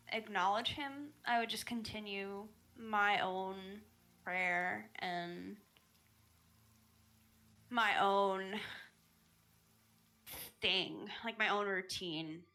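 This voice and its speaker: Bright-voiced woman playing slowly. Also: medium pitch. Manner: thoughtful, describing her character's actions. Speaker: player. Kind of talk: in-character tabletop play. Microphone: online voice chat.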